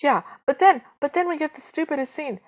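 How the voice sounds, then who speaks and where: A young woman co-hosts a podcast, recapping a film in a casual, wry chat while reading from her notes and acting out quotes. Her voice is high with lively intonation, and she talks fairly quickly.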